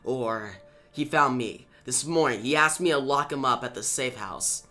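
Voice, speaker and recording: A man reading the lines of a weary, guilt-ridden adult male hero in a comic recap, in a low, subdued way. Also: normal speed, sharp tone, natural voice. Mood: somber.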